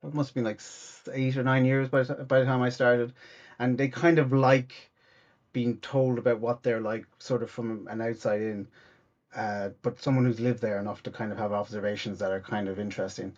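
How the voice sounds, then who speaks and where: A man's voice: medium pitch, fairly even intonation, a little fast, a little mellow, muffled recording. A man with an Irish accent, a comedian telling stories in a casual interview, rambling with lots of restarts. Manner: rambling, many restarts and fillers. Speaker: comedian guest.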